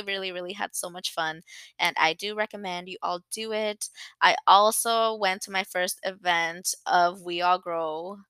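A young woman talks through her solo podcast in a chatty, animated way, rambling and circling back as she goes. Her voice is bright and crisp, a little low for a woman, and it sits close and dry with no room sound. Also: dry recording. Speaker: podcast host. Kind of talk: casual solo podcast chat.

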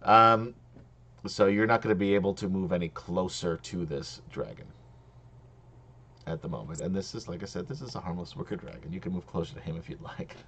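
A man's voice: low-pitched, brisk, a bit bright. A man running a tabletop game as game master, narrating casually and laughing often.

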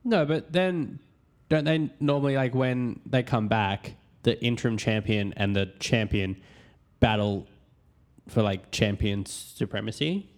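A man's voice: mid-range voice, measured pace. A man co-hosting a casual podcast, heckling and teasing his co-host in a playful way.

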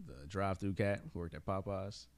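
Low raspy-edged dude cohosting a podcast, chill, lots of mm-hmms. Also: male voice, steady tone, a little fast, a crowd in the background. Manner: laid-back, lots of agreeing murmurs. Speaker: podcast co-host. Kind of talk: casual chat.

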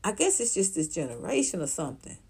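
A woman, ranting casually to her livestream viewers, profane and animated, often laughing. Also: mid-range voice, quick pace, creaky, breathy edge. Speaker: vlogger reacting to viewer comments.

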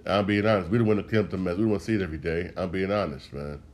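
Ranting man with a lowish voice. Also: very fast. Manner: heated, repetitive, talks straight to listeners. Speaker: podcast host. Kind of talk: solo podcast rant.

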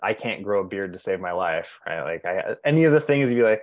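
A man's voice: fairly low pitch, quick pace, few pauses, a little mellow. A man in his mid-thirties hosting a casual interview, joking about himself. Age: 30s. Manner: self-deprecating, joking. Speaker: podcast host.

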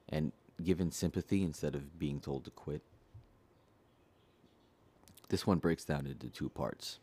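Very deep-voiced man reading aloud. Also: unhurried, long pauses, husky. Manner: steady, earnest, addresses the listener directly. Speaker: audiobook reader. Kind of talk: reading a self-help book aloud.

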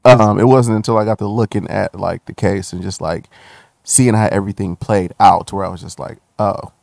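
A man's voice: lowish voice, brisk, creaky, no room sound, studio quality. A young man telling a personal story in candid, profane, casual conversation on a podcast. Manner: loose, profane, animated when retelling anger. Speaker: guest.

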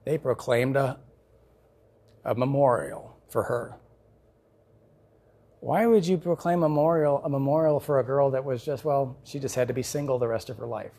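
A male pastor preaching a sermon, telling the story in an animated way with chuckles. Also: medium pitch, moderate pace, long pauses.

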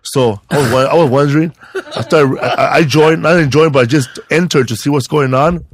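A man's voice: on the high side, a little fast. A man hosting a podcast, rambling in crude banter and saying bro a lot. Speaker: podcast host.

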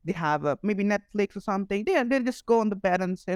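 A podcast host asking questions and musing in a reflective, halting way with restarts. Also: medium pitch, animated, clear, resonant tone, no echo, clean studio sound. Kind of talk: conversational interview.

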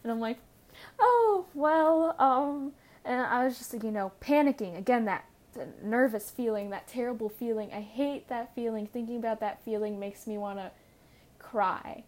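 A woman's voice: fairly high pitch, steady tone, normal speed, a little mellow. A young woman in her teens, telling her own story in a casual, rambling way, with many fillers and restarts. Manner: rambling, self-correcting, frequent fillers. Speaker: podcast host.

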